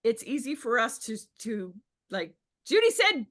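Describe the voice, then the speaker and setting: A bright, lively woman coaching a group over a video call. Her pitch sits a bit high and swings widely as she talks with emphasis. Now and then she jumps into a squealing impression of someone else. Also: measured pace. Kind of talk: animated coaching talk.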